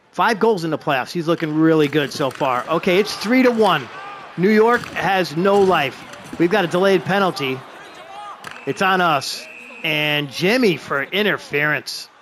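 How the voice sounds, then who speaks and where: A man giving excited play-by-play of a hockey video game he is playing, openly rooting for his team. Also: fairly high pitch, measured pace, slight background noise.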